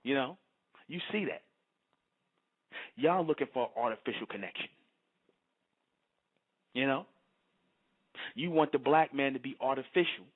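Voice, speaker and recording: A man's voice: medium pitch, unhurried, pauses often. A man giving a preachy, repetitive lecturing monologue, often stopping to ask if the listener understands. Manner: preachy, repetitive, keeps asking "you understand?". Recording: tinny phone-like line.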